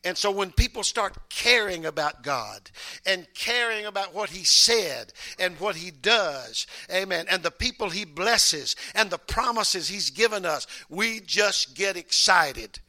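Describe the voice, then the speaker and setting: A man preaching a sermon as bishop, folksy and repeating himself, dropping to quiet asides and rising to loud shouted praise with calls of amen. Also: high voice, lively intonation, a little slow. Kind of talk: Pentecostal-style sermon.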